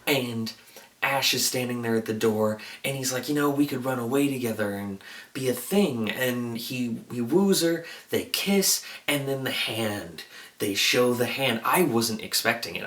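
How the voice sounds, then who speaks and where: Chatty excitable man in an echoey room. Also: lowish voice, distant mic. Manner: chatty, excitable retelling with frequent "like" and acted-out quotes. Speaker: TV episode reviewer. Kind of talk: casual video review.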